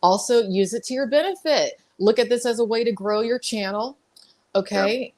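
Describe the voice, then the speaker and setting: A woman hosting a podcast gives measured advice in casual chat, often stumbling and repeating her words. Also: a little high, darkish tone. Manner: measured, hesitant, repeats words while reassuring. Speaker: podcast host.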